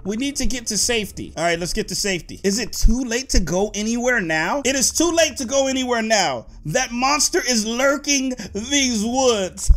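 A man commentating a story game, reading dialogue aloud and chatting with viewers, excitable and quick to yelp and shout when scared. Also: very high voice. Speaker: gaming YouTuber.

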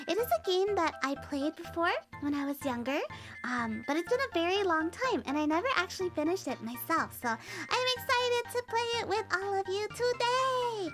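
A young woman with a very high, lively voice reacts to a video game she is streaming. She talks slowly and gasps and cries out theatrically. Game music plays clearly underneath her. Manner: excitable, gasping, theatrical reactions. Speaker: VTuber streamer. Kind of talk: let's play commentary.

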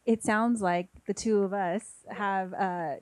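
A woman in her thirties moderating a panel discussion, asking questions in a measured conversational way. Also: medium pitch, fairly even intonation, no room sound.

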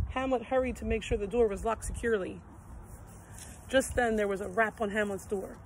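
A woman reading a children's story aloud in a gentle, expressive read-aloud manner. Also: mid-range voice, brisk, a little hiss or hum, low-quality recording.

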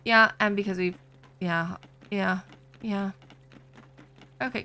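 A woman's voice: mid-range voice, steady tone, slow pace, long pauses, bright, forceful tone. A woman hosting a casual let's play, chatty, jokey and exclamatory as she comments on her game. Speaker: gaming channel host.

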